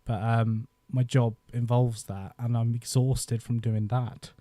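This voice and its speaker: A man in his thirties hosts a casual live stream, rambling through old memories with frequent laughter. His voice is mellow and dark-toned, and the recording sounds dry and close. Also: mid-range voice, flat delivery, slow, dry recording. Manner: rambling, nostalgic, laughs often. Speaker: YouTube host. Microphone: desk microphone.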